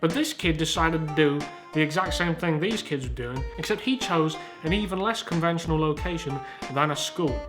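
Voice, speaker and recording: A young man in his twenties from Southern England, hosting as a YouTuber, delivers rambling, sweary, self-deprecating comedic commentary. His slightly high voice moves at normal speed with hardly any pauses, against background music.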